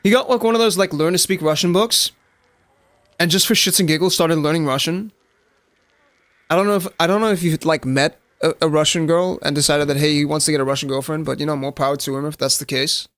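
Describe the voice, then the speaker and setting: A young South African man with a squeaky voice, chatting excitably to viewers and swearing casually during live gameplay commentary. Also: brisk, dry recording. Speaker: game streamer.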